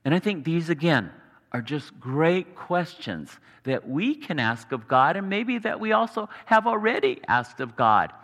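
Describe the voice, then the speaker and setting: A man preaching a sermon, earnest and explanatory, pausing for emphasis. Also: on the high side, sing-song, a bit bright. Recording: long hall reverb.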